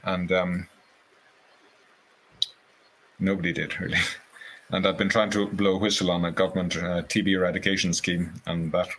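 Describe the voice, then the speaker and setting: A man telling a personal story in a casual conversation, earnest and animated, slipping into quoted voices now and then. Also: sits low, a little fast, a little hiss or hum, poor audio.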